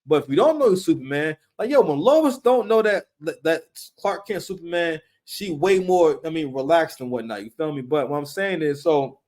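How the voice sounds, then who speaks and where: A man giving casual, animated commentary on a reality show, full of slang, repeated words and acted-out quotes. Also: a little high, moderate pace, few pauses.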